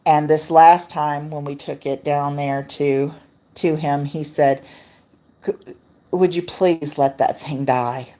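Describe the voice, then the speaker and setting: A woman talks slowly and casually to viewers over a laptop mic, greeting them by name. Her voice sits low for a woman, and she laughs easily between stories. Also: steady tone, mellow. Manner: chatty, reads viewer comments aloud, laughs often. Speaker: livestream host. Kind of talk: casual livestream chat with viewers.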